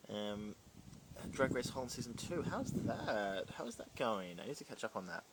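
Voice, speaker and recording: A man with a lowish voice and lively intonation hosts a casual phone livestream from home at normal speed, in very noisy audio. He rambles and reads viewer comments aloud.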